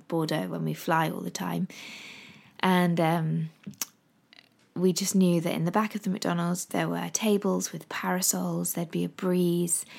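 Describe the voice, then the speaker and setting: An English woman in her thirties talks to camera in a casual, rambling vlog, filling pauses with ums. Her voice sits a little low and carries a gravelly fry. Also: darkish tone. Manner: rambling and chatty with frequent ums. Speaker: vlogger. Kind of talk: casual chat.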